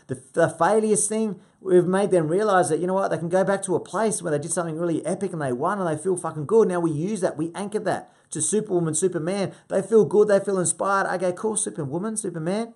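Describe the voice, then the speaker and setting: A man in his thirties coaching a sales team, swearing freely and acting out client calls with big jumps in pitch. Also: quick pace, hardly any pauses, darkish tone.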